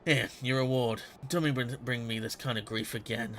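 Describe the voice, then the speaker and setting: A man's voice: medium pitch, fairly even intonation, moderate pace, a bit bright, a little hiss or hum, lightly acted. A man voicing an irritable, stern male bandit boss in a game, scolding his men. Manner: snapping, scolding.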